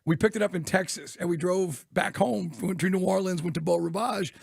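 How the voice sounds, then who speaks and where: A man co-hosting a sports radio show, telling stories quickly and laughing often. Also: sits high, steady tone, creaky, darkish tone, husky, no echo, studio quality. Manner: rapid storytelling, laughs often. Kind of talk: casual radio chat.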